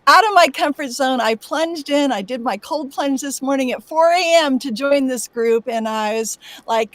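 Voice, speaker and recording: A woman in her sixties, a guest on an online panel, talking in an effusive, excitable way and gushing with praise for the others. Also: high-pitched, normal speed, few pauses, no room sound. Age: 60s. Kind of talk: casual online panel chat.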